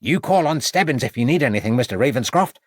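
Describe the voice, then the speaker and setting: A man's voice: medium pitch, expressive, fast talker, no echo, clean studio sound, pitched above the performer's own voice, close to an everyday voice. A man voicing an eager, ingratiating male servant in an audiobook reading. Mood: obliging.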